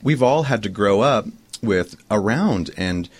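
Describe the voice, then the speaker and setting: Animated man joking on a morning show. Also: fairly low pitch, unhurried, breathy edge. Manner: animated, riffs with filler words and mock voices. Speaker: radio show host. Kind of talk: casual morning-show banter.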